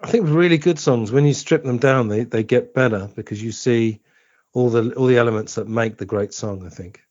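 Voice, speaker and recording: A man hosting a podcast, chatting casually and reminiscing with a quick laugh. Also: medium pitch, darkish tone, dry recording. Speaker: podcast host. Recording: dull, dry lo-fi audio.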